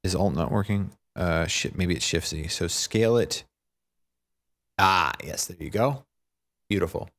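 Slow, low-voiced man thinking aloud. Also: vocal fry, fairly bright tone. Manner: thinks aloud, fumbling and self-mocking. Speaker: tutorial maker. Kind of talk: unscripted screen-recorded tutorial.

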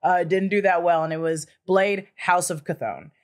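A woman's voice: fairly low pitch, fairly even intonation, normal speed. A woman on a panel sharing a fan theory in casual chat, rambling, laughing often and swearing casually. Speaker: panel guest presenting a theory.

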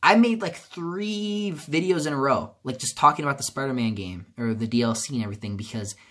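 A man speaks alone to camera in a loose, rambling vlog. He restarts sentences and leans on fillers, sinking into quiet, low stretches before bursting out louder. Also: brisk. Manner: rambling, many restarts and fillers, swings from subdued to loud outbursts. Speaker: YouTuber. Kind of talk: casual vlog monologue.

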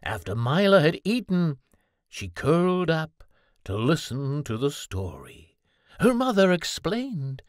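A woman reading a children's animal story aloud, slowly and gently. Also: deep voice, no echo, clean studio sound. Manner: slow, gentle, very expressive reading. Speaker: storybook reader.

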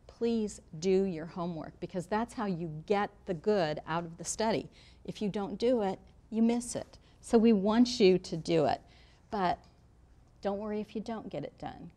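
A middle-aged woman leads a Bible study for women gathered in a church room. Her voice sits a little low, and she speaks directly to the room in a plain, reassuring way. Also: darkish tone. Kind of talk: teaching talk to a live group.

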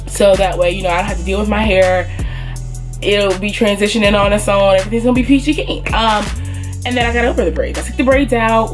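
A young woman tells a story to her viewers in a chatty, animated way and often calls them y'all. She is getting over a cold, and her voice sits at a middling pitch. Faint music plays under her talking. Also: quick pace. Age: young adult. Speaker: beauty vlogger. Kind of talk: casual story time.

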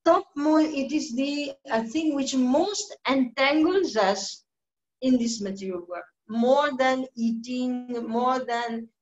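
A woman giving a slow, deliberate scripture class, pausing often with soft fillers. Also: sits high, a little hiss or hum. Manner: slow, deliberate teaching with many pauses and fillers. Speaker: spiritual teacher. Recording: dull lo-fi recording.

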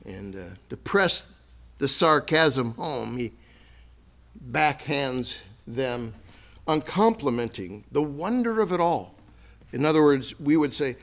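A man's voice: medium pitch, takes it slowly. A man preaching a sermon as pastor, joking and acting out sarcastic asides. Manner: lively, jokey, acts out sarcastic asides with laughs. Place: church sanctuary.

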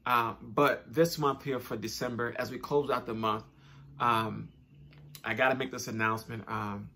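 A man's voice: mid-range voice, steady tone, normal speed, sharp tone. A young man hosting his own channel, talking casually straight to camera in an upbeat, chatty way with informal slang and repeated phrases. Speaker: YouTube channel host. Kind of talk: casual direct-to-camera vlog talk.

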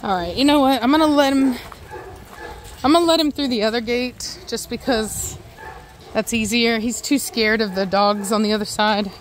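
A woman's voice: fairly high pitch, moderate pace, slight background noise. A woman vlogging casually outdoors in her yard, rambling and chatty as she does chores with her dogs. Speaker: dog owner vlogger. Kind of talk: casual narration while doing farm chores. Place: outdoors in a yard with a garden and livestock.

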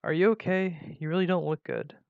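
A man's voice: a little high, steady tone, brisk, creaky, no echo, voice pushed up. A man voicing a worried, caring teenage girl who pleads with her friend. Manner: concerned, pleading. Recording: dull lo-fi recording.

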